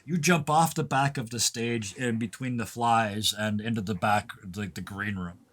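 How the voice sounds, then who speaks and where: A man's voice: lowish voice, normal speed, a bit bright. A man as game master, narrating a tabletop game with vivid, descriptive detail.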